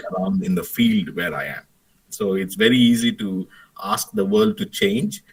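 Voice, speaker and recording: A man's voice: on the low side, a bit bright, breathy edge, recorded from a distance, low-quality recording. A man giving a lecture and telling an anecdote, hesitant, with many fillers and restarts. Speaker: guest lecturer, Jesuit priest.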